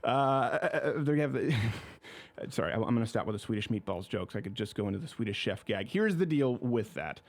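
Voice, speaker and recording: A man's voice: mid-range voice, fairly quick. A man hosting a political talk show, giving opinionated commentary in a sarcastic, mocking way. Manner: sarcastic, mocking, animated delivery.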